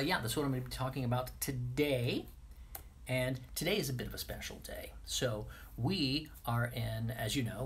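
A man with a mid-range voice, recorded with slight background noise, hosts a laid-back podcast on a livestream. He's playful, muttering silly comments to himself as he sets up at his computer.

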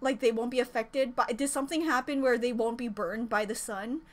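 A young woman reacting to a music video as an excited fan, gushing and exclaiming, thinking out loud with lots of "like"s. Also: a little high, fairly quick. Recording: faint music behind the voice.

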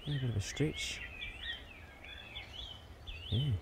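A man's voice: medium pitch, slow, creaky, background noise. Laid-back New Zealand man filming outdoors. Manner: relaxed, laid-back, slangy narrating while filming wildlife. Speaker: farm vlogger. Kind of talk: casual outdoor vlog commentary. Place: outdoors on a farm by native bush. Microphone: handheld camera he is filming with. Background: faint birdsong and outdoor ambience.

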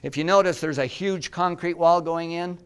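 Older male entrepreneur, lively self-deprecating storyteller, slightly high pitch, clear resonant tone. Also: moderate pace. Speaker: guest lecturer, entrepreneur. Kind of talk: anecdotal lecture to students.

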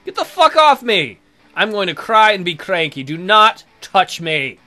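A man's voice: sits high, pushed and bright, full character voice. A man putting on a haughty scolding baby. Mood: indignant. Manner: slow, overly formal, scolding declarations. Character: haughty indignant male baby, prim and accusing.

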